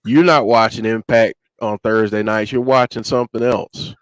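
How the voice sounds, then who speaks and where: A man's voice: fairly low pitch, steady tone, normal speed, smooth, no echo. Fired-up ranting man, co-hosting. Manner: ranting, gets fired up, self-interrupting. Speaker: podcast co-host. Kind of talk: casual chat.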